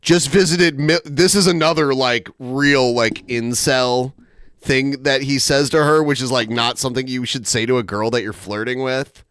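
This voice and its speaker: A man's voice: mid-range voice, fairly even intonation, moderate pace, fairly bright tone, smooth, no echo, clean studio sound. A man hosting a comedy podcast, mockingly reading out and reacting to chat messages with frequent laughs. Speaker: podcast host. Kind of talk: casual comedic commentary.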